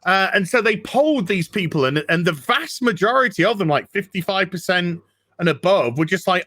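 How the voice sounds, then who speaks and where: A man's voice: sits high, expressive, moderate pace, pushed and bright, no echo, studio quality. A man ranting with heavy swearing as a guest in a casual podcast chat. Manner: profane, ranting.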